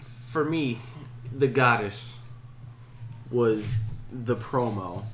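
A man's voice: mid-range voice, drawn-out words, a bit bright, a little hiss or hum. A man co-hosting a casual podcast, tossing in wisecracks. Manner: wisecracking interjections. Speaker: podcast co-host. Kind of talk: casual wrestling chat.

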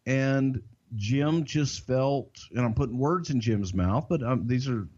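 A man's voice: mid-range voice, darkish tone. Man, Southern US accent, podcast co-host, emphatic storyteller, dull lo-fi audio. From Southern United States. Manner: drawn-out, emphatic, salty storyteller. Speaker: podcast co-host and wrestling insider. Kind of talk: casual storytelling.

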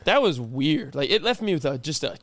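A man's voice: fairly high pitch, very animated, fairly quick, a bit bright. A young man co-hosting a podcast, chatting casually, teasing his friend and laughing often while telling stories. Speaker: podcast co-host. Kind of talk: casual chat.

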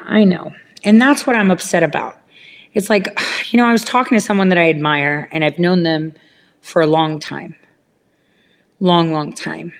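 Rambling and cursing in a casual chat, a woman goes on a rant, raising her voice higher each time she imitates someone else.

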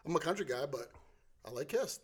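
A man's voice: on the high side, sing-song, brisk, husky. A middle-aged man co-hosting a podcast in casual, joking chat. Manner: joking, laughs often. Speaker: podcast co-host.

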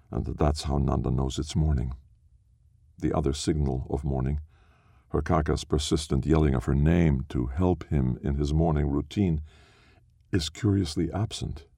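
Deep, gravelly male story narrator. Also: a little slow, mellow, no room sound, clean studio sound.

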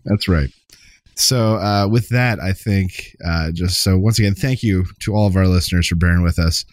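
Guy with a lowish voice cohosting a nerdy podcast, joking around, laughing a lot. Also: normal speed, darkish tone, no room sound. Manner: jokey, laughs often, stumbles through tongue twisters. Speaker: podcast co-host. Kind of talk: casual chat.

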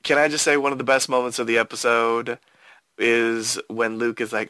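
A man co-hosting a podcast in casual chat, enthusiastic and playful, his pitch swooping up and down. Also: flat delivery, normal speed, sharp tone, clear, resonant tone, no room sound. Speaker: podcast co-host.

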